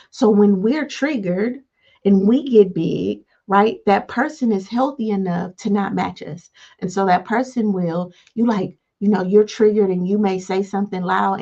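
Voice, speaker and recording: Gravelly woman giving a life lesson. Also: mid-range voice, moderate pace. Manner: repeats "all right" between points, acts out calm replies. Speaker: life coach. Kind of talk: motivational teaching talk. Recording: dull lo-fi sound.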